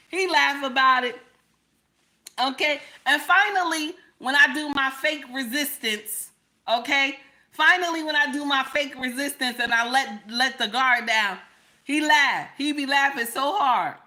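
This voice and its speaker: A woman's voice: high voice, takes it slowly, bright, forceful tone. A woman, telling a personal story to viewers in a sassy, emphatic way and often checking in with "okay?". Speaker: relationship commentator.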